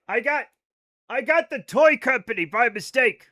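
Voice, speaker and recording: A man's voice: very high-pitched, lively intonation, unhurried, sharp tone. A man with a Rhode Island accent, chatting casually on a live game stream, rambling as he reads chat aloud and riffs on it.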